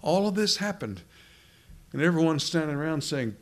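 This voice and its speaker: A man's voice: a little high, animated, normal speed. A man preaching a sermon in a conversational way, speaking directly to his listeners and often restarting his words.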